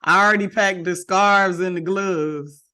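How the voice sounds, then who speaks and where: Bright, animated woman podcast host. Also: fairly low pitch. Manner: animated, quick to laugh. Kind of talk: casual chat.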